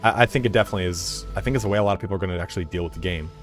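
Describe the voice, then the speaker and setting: A man's voice: low voice, very fast, faint music behind. A man streaming a video game, chatting casually in a rambling, frank and profane way, full of fillers. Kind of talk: casual chat while playing.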